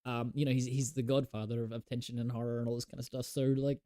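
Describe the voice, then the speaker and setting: A man's voice: medium pitch, little pitch movement, fast talker, mellow, no room sound, studio quality. A man co-hosting a casual film podcast, eager and joking. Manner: enthusiastic, loose and joking. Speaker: podcast co-host.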